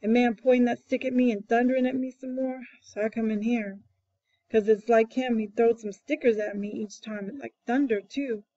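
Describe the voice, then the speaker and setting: A woman voicing a proud, boastful male lion who brags loudly in folksy grammar. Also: fairly high pitch, fairly even intonation, normal speed, highs cut off, lightly acted. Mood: shaken. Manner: loud, bragging chant, folksy grammar.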